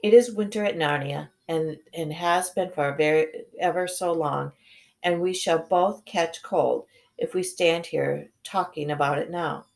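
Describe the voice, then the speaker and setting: A woman's voice: sits low, a little slow, gravelly, a little mellow. A woman voicing a polite, nervous male faun who speaks in a formal, courteous way.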